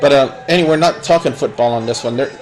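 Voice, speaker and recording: A man's voice: medium pitch, quick pace, rough recording. A man giving a blunt, opinionated spoken review of a wrestling show, rambling and restarting his sentences.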